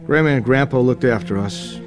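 A man's voice: mid-range voice, a little fast, music in the background. A grown man narrating his past in a somber, reflective way. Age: adult. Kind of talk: scripted narration.

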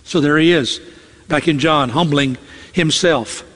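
A man's voice: fairly high pitch, measured pace, a bit bright, in a large hall. A man preaching an expository sermon, emphatic and acting out quoted lines in character.

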